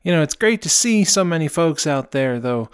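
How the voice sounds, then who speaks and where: A man voicing a nervous amateur clown bombing on stage, talking in a hesitant, halting way with forced cheer. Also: a little high, lively intonation, smooth, dry recording, clean studio sound, voice pushed up, close to an everyday voice. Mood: falsely cheerful.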